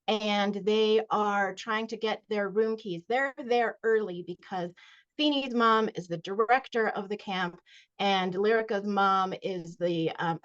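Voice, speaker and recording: A woman author reading aloud from her middle-grade novel at a virtual launch event, expressive in the first person, with short casual recaps. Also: mid-range voice. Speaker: children's book author. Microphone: video call. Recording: dull lo-fi video call audio.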